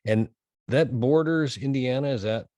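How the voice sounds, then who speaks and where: A man hosting an interview podcast, asking questions in a halting way with many fillers. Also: medium pitch, mellow, no echo, studio quality. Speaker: podcast host.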